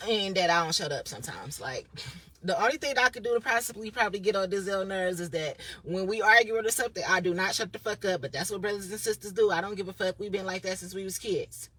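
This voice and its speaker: A woman's voice: mid-range voice, fast, a bit bright, no echo. A young woman talking straight to a phone camera in a casual vlog, blunt, profane and rambling. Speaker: vlogger.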